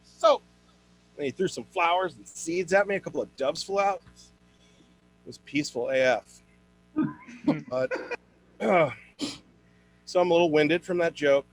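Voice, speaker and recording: A young man does a stand-up set for an online show, slipping into high, put-on voices for his characters. He takes his time, leaving long pauses.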